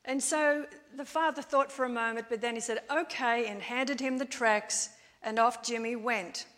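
A woman preaching a sermon in a church, in a measured storytelling way. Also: on the high side, steady tone, fairly bright tone. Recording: long church-hall reverb.

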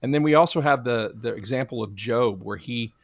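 A man's voice: medium pitch, fairly quick, dry recording. Earnest preaching man, dry close mic. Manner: earnest, preacherly, quotes scripture. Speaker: guest, Christian minister. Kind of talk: conversational interview testimony.

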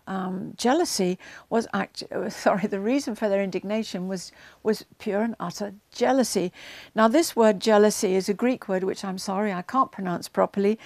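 A woman's voice: medium pitch, vocal fry, a little mellow, no room sound. A woman giving a conversational Bible teaching to camera, with chatty asides and frequent ums, growing emphatic as she retells scenes.

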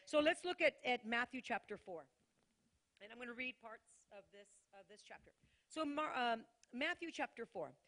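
A woman's voice: a little high, lively intonation, normal speed, a bit bright. A woman pastor preaching a sermon to a congregation in a church, emphatic, repeating key lines and calling out to listeners.

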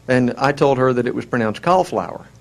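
A man's voice: medium pitch, little pitch movement, fairly quick, creaky. A man with a Southern American accent, co-hosting a casual chat in a wry, self-mocking way with frequent restarts. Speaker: co-host.

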